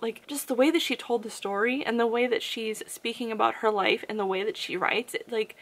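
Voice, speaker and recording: Young woman book vlogger, fairly high voice, casual and gushing, often close to tears. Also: fairly bright tone. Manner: emotional and gushing, laughing while near tears. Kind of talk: casual chat.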